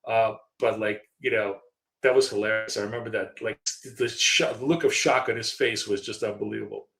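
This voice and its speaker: A man's voice: lowish voice, fairly even intonation, normal speed, creaky, a bit bright, roomy sound. A middle-aged man co-hosting a live trading stream, talking casually with lots of fillers and restarts. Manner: chatty storyteller, frequent fillers and restarts. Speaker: trading show co-host.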